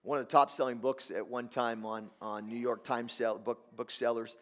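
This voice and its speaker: Impassioned preacher in a reverberant hall. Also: male voice, mid-range voice, flat delivery, normal speed. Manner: impassioned preaching, repeats words, asks the congregation questions. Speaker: pastor. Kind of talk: sermon.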